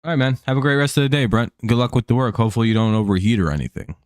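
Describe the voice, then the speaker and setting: A man's voice: medium pitch, racing, no echo, clean studio sound. A man hosting a live stream, chatting casually and offhandedly while calling the baseball count. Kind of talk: casual chat while watching a baseball game.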